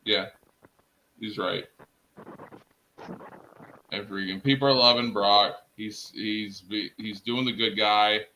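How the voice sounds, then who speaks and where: A man's voice: lowish voice, steady tone, slow pace, long pauses, pushed and bright, slight background noise, rough recording. A man hosting a casual wrestling recap stream, talking enthusiastically to his chat and co-host, with "freaking" in nearly every sentence. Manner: enthusiastic, fills speech with "freaking". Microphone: streaming setup, talking to chat.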